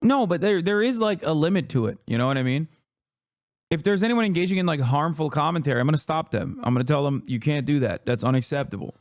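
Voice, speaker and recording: Male streamer, fairly high voice, angry, swears a lot, heated commentary, dry close sound. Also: lively intonation, fast talker, dry recording. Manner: angry, profane, shouts down critics. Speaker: livestream political commentator.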